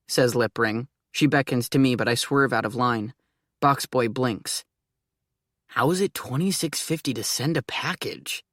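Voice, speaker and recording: A woman's voice: very deep voice, unhurried, no echo, clean studio sound. A woman narrating an audiobook in the first person, with an eager, flustered delivery.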